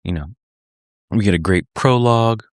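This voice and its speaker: A man hosts a gaming podcast, his voice sitting very low. He laughs easily and sometimes slows into a deliberate storytelling delivery. The sound is close and dry, with no room echo. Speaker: podcast host. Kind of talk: casual podcast chat with dramatic read-aloud.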